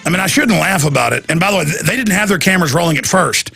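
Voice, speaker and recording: A man hosting talk radio, commenting loudly and mockingly on a played video clip. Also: sits high, lively intonation, racing, vocal fry, husky, soft background music. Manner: mocking, loud, jumps into put-on voices. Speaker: radio host.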